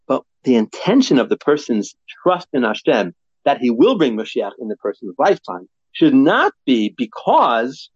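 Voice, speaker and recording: Man, Torah lecture, high animated voice, dry dull lo-fi recording. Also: dry recording. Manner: animated, acts out quoted voices, asks and answers himself. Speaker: Torah teacher.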